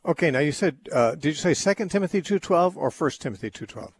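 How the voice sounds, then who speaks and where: A middle-aged man hosting a call-in radio show, explaining Bible passages in a measured way with occasional restarts. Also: fairly high pitch, animated, husky. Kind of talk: call-in radio talk, teaching.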